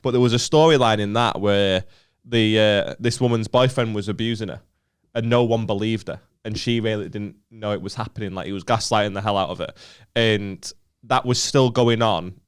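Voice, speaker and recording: Northern English co-host, smooth lowish voice, dry and grumbling. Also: male voice, steady tone, moderate pace, few pauses. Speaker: podcast co-host. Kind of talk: casual chat.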